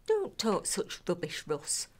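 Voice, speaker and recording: A woman playing a loud, narrow-minded daughter, blunt and indignant. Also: on the low side, wildly swooping pitch, takes it slowly, exaggerated voice.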